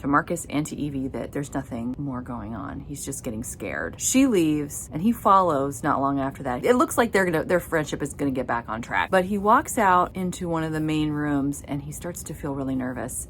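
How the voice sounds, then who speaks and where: Brief: deep-voiced woman in her thirties, casual home book vlogger, eager and giggly, faint background rumble. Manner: enthusiastic, laughing as she recaps. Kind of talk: casual reading vlog chat. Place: her home library and playroom area.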